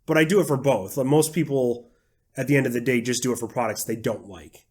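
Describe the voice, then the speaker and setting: A young man rants on a casual podcast, sarcastic and quick to swear. His voice sits at an ordinary middle pitch for a man. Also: darkish tone, breathy edge. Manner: ranting, sarcastic, swears freely. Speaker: podcast co-host. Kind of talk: casual chat.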